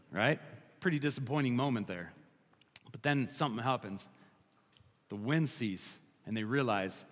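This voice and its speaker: A man preaching a sermon as pastor, animated, slowing down to stress his key lines. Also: mid-range voice, in a large hall.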